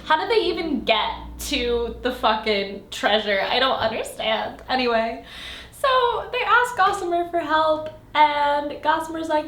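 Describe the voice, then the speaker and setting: A woman's voice: high voice, expressive, measured pace, a bit bright, a little hiss or hum. A young woman casually recapping a fantasy novel she reviews, sarcastic and exasperated, with lots of "like" fillers. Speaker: book reviewer. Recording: echoey room.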